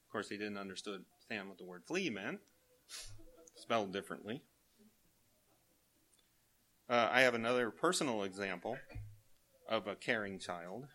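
An older man with grandchildren, preaching a sermon in a folksy way, telling family anecdotes and chuckling as he quotes children softly. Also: on the low side, expressive, moderate pace, pauses often.

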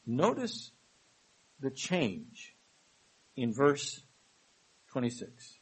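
Husky-voiced man preaching a sermon. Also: medium pitch, very animated, low-quality recording. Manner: reads scripture aloud with stress, then explains in a measured tone. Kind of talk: sermon, Bible study reading.

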